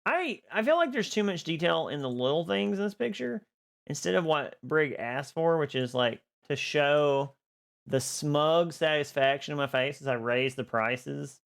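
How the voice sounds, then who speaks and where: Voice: mid-range voice, animated, normal speed, creaky. Bubbly streamer with a swooping voice. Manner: bubbly, greets chat by name, laughs often. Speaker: live streamer. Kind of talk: casual live-stream chat with viewers. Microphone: boom mic.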